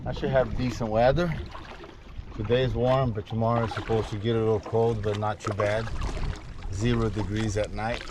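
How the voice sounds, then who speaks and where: A man's voice: on the low side, fairly even intonation, normal speed. A man narrating his solo canoe trip in a casual vlog, talking to himself and hyping himself up as he paddles outdoors. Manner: upbeat, self-talk, hyping himself up. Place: outdoors on a lake and river in a canoe. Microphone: camera mic. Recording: wind-battered dull outdoor camera audio. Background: wind and water noise.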